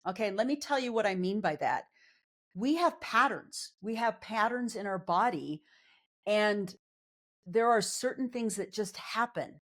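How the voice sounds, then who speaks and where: An earnest woman talking as a psychologist guest in a conversational interview. Her delivery is candid and reassuring, pitched right in the middle of a woman's range. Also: lively intonation, a little slow, a bit bright. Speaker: psychologist and life coach guest. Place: on camera.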